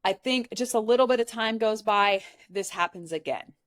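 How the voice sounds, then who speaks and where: Woman, from Nebraska, podcast guest, candid storytelling, "like" fillers, mid pitch, dry close sound. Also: normal speed, dry recording. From Nebraska, USA. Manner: earnest, candid, heavy use of "like" as filler. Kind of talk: personal storytelling in conversation.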